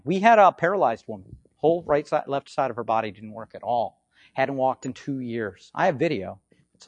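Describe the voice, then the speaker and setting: A man with a slightly hoarse voice, giving an informal teaching on faith healing, swinging between loud bursts and low asides and often checking in with "okay?". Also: dry recording. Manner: repetitive, conversational, frequent "okay?" check-ins. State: hoarse from frequent yelling.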